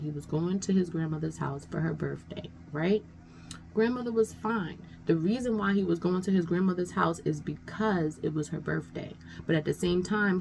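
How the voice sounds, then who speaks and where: A woman's voice: deep voice, vocal fry. A woman telling a personal story in a casual, rambling way, full of "like" and "um," sounding exasperated as she talks it through. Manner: rambling, many fillers like 'like' and 'um'; exasperated, talking things through out loud. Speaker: storytime vlogger.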